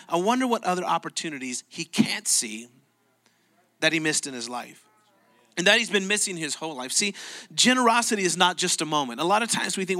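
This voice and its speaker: Bright-voiced preaching man. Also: high voice, sing-song, fairly quick. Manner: storytelling, conversational and emphatic. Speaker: pastor. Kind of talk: sermon. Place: church.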